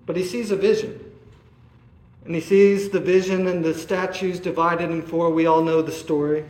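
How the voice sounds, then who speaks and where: A man preaching a sermon, asking his listeners rhetorical questions and often pausing on "uh". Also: fairly high pitch, fairly even intonation, darkish tone. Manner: asks the listeners rhetorical questions, with many "uh" fillers. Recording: echoey room.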